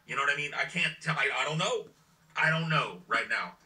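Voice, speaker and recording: A man's voice: on the high side, lively intonation, fairly quick, sharp tone, roomy sound, recorded from a distance, poor audio. A man co-hosting a podcast in a casual, profane, rambling chat. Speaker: podcast co-host.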